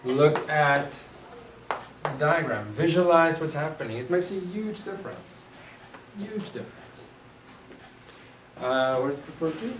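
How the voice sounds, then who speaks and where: A man's voice: a little high, measured pace, long pauses. A man teaching a class, thinking aloud and putting questions to his students. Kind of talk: classroom lecture. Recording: echoey room, distant mic, clear background noise.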